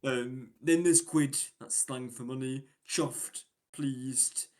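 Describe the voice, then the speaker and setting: Casual host, Yorkshire man, middle pitch, chatty and upbeat, talks with many ums and restarts. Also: steady tone, takes it slowly, darkish tone. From England. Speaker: host presenting British slang. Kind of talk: casual chat.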